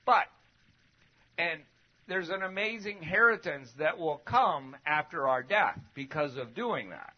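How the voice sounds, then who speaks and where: A fairly high-voiced man preaching a sermon in a lively, conversational way. He fires off rhetorical questions and jumps between loud, emphatic bursts and quiet asides. The recording sounds dull and lo-fi. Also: a little slow. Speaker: preacher teaching a Bible lesson.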